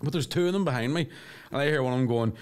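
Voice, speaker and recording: A man with a Northern Irish accent, co-hosting a podcast, telling a story in a sweary, animated way. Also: a little high, racing, clean tone. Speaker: podcast co-host and comedian. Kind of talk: casual comedic chat.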